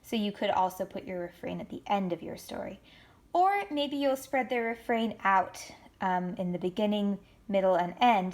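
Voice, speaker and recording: A woman teacher records a writing lesson for young students. She explains each step clearly and speaks in an encouraging way. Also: mid-range voice, moderate pace, darkish tone.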